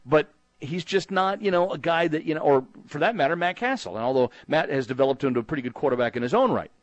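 A man's voice: fairly high pitch, lively intonation, fast talker, no room sound, muffled recording. A middle-aged man from Texas hosting a sports talk call-in show, speaking in a rambling, conversational way with frequent restarts and fillers. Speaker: sports radio host.

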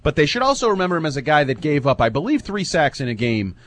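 A man's voice: on the high side, sing-song, fast, a bit bright. A man co-hosting a sports talk radio show, joking and confidently making predictions in casual banter.

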